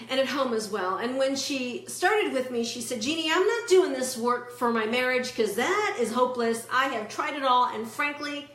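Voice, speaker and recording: A woman's voice: on the high side, echoey room. A woman relationship coach giving a motivational talk, telling client stories and acting out their words. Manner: storytelling, animated quoting of clients.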